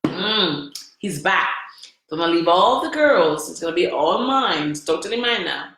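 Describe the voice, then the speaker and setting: Woman vlogger, bright, forceful delivery, recorded in a very echoey room; candid, emphatic storytelling. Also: fairly low pitch, lively intonation, a little slow, a little hiss or hum. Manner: emphatic, repeats phrases, asks the listener questions.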